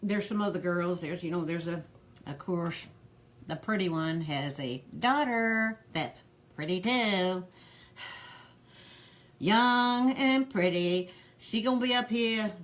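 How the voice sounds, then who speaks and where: On a comedic character live stream, a woman plays a harried, gossipy old granny hosting a pearl party, rambling in a folksy drawl. Her voice is fairly low and slow, with long pauses, and the older character's mood is chatty.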